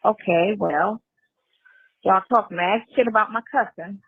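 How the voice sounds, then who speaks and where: A woman's voice: mid-range voice, unhurried, husky, no room sound. Woman, casual rambling talker, heard over a dry, tinny phone line. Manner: rambling, acts out other voices, swears freely. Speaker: livestream guest on a phone call.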